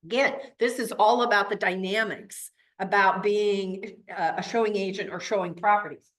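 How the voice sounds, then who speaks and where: A Midwestern American woman leads a training class, her voice at an ordinary middle pitch. She tells stories in a chatty, animated way and acts out what people said. The sound carries the echo of a roomy classroom. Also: moderate pace. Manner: chatty, animated storytelling with acted-out quotes. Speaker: real estate trainer. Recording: echoey room.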